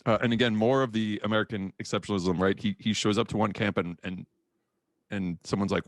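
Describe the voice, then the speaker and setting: A man tossing out dry, sarcastic jabs at a movie during a podcast chat. His voice is on the low side, and the recording is close and dry. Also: steady tone, brisk, no echo. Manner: wry, sarcastic asides. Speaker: podcast co-host. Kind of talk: casual movie discussion.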